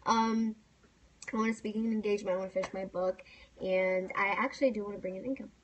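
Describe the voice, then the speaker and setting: A woman's voice: medium pitch, steady tone, quick pace, poor audio. A young woman co-hosting a casual live-stream chat, hesitant and giggly with many fillers. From United States. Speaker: co-host.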